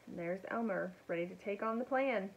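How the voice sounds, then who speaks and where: A woman reading a children's storybook aloud in a gentle, friendly narrating voice. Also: medium pitch, a little fast, muffled recording, slight background noise. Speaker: children's book reader.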